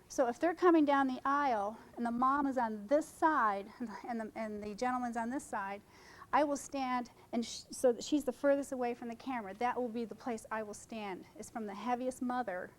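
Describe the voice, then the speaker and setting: A middle-aged woman talks photographers through her wedding work in a loose, chatty seminar style. Her voice sits a little high, and she jokes with the audience and jumps from one point to the next. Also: normal speed, poor audio. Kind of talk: informal seminar talk to photographers. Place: conference room.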